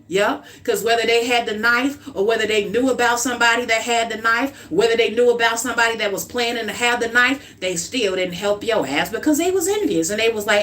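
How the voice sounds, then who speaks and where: A woman's voice: on the high side, brisk, few pauses. Blunt, profane woman tarot reader. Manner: blunt, profane, animated preaching tone. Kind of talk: livestream tarot reading.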